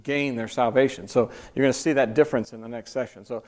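A man's voice: medium pitch, fairly even intonation, fast. A man teaching a church class in a conversational way, repeating his key points.

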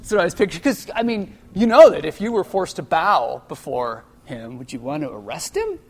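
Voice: mid-range voice, big pitch swings, moderate pace, breathy edge. A Bible study teacher explaining a passage in an informal, conversational way, thinking aloud with asides. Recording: long reverb of a large hall.

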